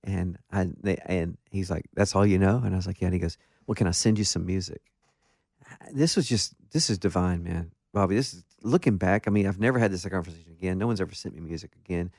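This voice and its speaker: A man, a guest musician, telling stories in a casual interview in an animated, self-deprecating way, with many restarts. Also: sits low, fast talker, creaky, dry recording, studio quality.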